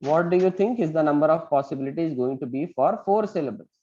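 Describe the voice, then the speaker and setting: A man's voice: a little high, fast, a little mellow. A man with an Indian English accent teaching an online math class, patient and often checking in with "right?". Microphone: video call. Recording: dull lo-fi call audio.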